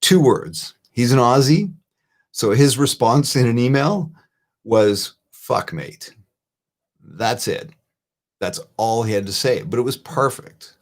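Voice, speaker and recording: A man's voice: medium pitch, measured pace. A middle-aged man hosting a live-streamed advice talk, speaking earnestly and conversationally and repeating his key phrases. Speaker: show host.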